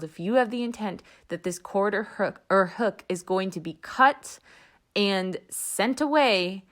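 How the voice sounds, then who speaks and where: A woman's voice: medium pitch, fairly bright tone. A young adult woman hosting a podcast, teaching energy work in a soothing, reassuring way with light laughs. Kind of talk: casual spoken podcast teaching.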